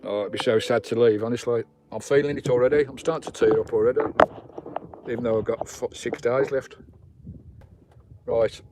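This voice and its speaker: A man's voice: medium pitch, steady tone, a little fast, pauses often, noisy background. A man hosting a casual live stream from his campervan, rambling between his viewers and his dog. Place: inside a campervan.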